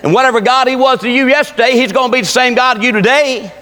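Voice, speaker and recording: Brief: preacher man, high bright voice, folksy storytelling, reverberant hall. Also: quick pace. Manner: folksy storytelling with Southern dialect, rising to shouts. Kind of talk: sermon.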